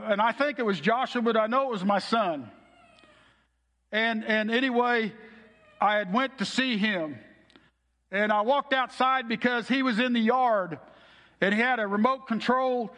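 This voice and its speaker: A man's voice: very high voice, pushed and bright, long reverb tail. A middle-aged man preaching a sermon as pastor, telling a story in an earnest, heartfelt way.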